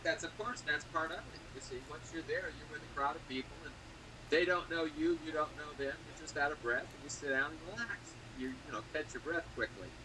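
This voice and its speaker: Casual male vlogger, rambling storyteller, slightly high pitch, noisy recording. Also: a little fast. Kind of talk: casual chat. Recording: noisy background.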